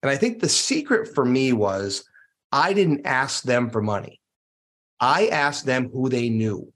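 A podcast guest who invests in real estate tells stories casually and animatedly in an interview, acting out dialogue in different voices. His medium-pitched voice is sing-song and a bit bright, and he talks a little slowly.

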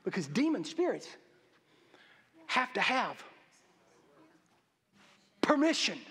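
A man preaching a sermon, emphatic, with halting restarts and drawn-out stresses on key words. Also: extremely high pitch, big pitch swings, fairly bright tone, slightly rough. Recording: reverberant hall.

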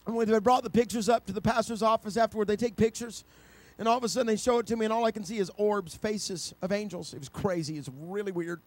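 A man preaching an impassioned sermon, swinging from quiet storytelling to shouted, excited passages. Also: high voice, quick pace.

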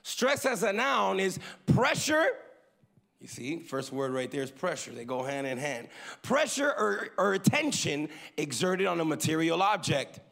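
A male pastor preaching a sermon, calling for amens from the congregation and moving between loud emphasis and quiet asides. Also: fairly high pitch, big pitch swings, unhurried, gravelly. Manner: preaching with call-and-response to the congregation.

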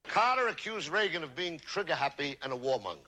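A man's voice: fairly high pitch, very animated, a little fast, bright, forceful tone. A man doing a punchy stand-up comedy monologue, played from an archival TV broadcast. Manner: punchy joke delivery with rising punchlines. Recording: noisy archival TV broadcast with audience. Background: crowd laughter.

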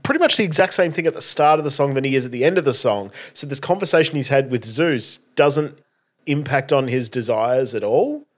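Guy cohosting a podcast, rambly and halting, lots of ums, average pitch. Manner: hesitant, many fillers and restarts. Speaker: podcast co-host. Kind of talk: casual chat reviewing songs.

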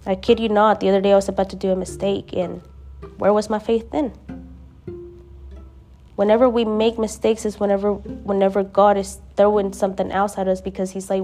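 A woman's voice: medium pitch, fairly even intonation, normal speed, mellow, faint music behind. A young woman talking casually and candidly about faith and patience, peppering her speech with slang like "dude" and "bruh". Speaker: vlogger sharing faith reflections. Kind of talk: casual spoken reflection.

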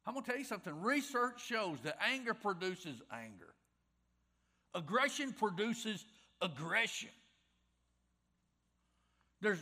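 A man's voice: high voice, very animated, unhurried, pauses often, bright, forceful tone. A middle-aged man preaching a sermon in a folksy, conversational way, repeating his key phrases. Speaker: pastor.

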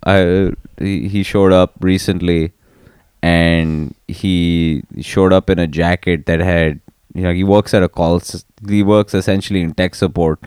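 A man's voice: sits low, level tone, unhurried, darkish tone, smooth, dry recording, clean studio sound. A man in casual chat, telling a story with laughter and some swearing.

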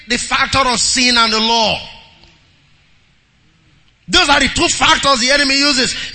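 A man preaching a sermon to a congregation, calling out for amens and reading scripture, moving between quiet talk and shouting. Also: extremely high pitch, a little fast, in a large hall.

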